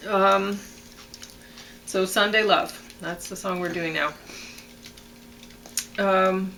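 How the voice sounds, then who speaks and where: A woman's voice: medium pitch, steady tone, slow pace, pauses often, a bit bright, a little hiss or hum, rough recording. A woman co-hosting a casual show, reading lyric lines and explaining which words should carry the stress, with frequent ums. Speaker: podcast co-host reviewing songs. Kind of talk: casual analytical chat.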